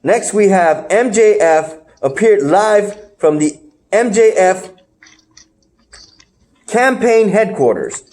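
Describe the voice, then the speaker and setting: Podcast host guy, high voice, really bouncy, blunt, laughs a lot. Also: lively intonation, slow pace, pauses often, a little mellow. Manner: laughs often, blunt and joking. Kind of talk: casual wrestling review chat.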